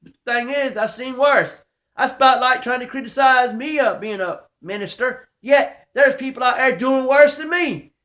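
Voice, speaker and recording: Folksy male preacher, high and bright-voiced, fervent, small home-office church. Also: moderate pace. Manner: folksy, fervent, talks straight to critics. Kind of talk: informal online sermon.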